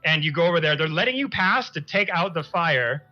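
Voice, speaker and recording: A man narrating a tabletop game as game master, in animated, rambling descriptions. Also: fairly high pitch, brisk. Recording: muffled stream audio with music.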